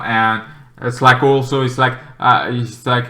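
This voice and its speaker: Man, casual movie review, rambling, excitable, bright forceful voice, echoey room. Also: mid-range voice, a little slow. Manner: rambling, excitable, with many fillers.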